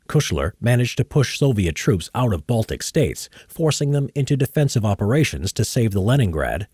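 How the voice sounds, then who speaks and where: A man's voice: lowish voice, darkish tone, slightly rough, no room sound, studio quality. A man recording history narration takes live, chatting casually between careful read-throughs. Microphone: studio microphone.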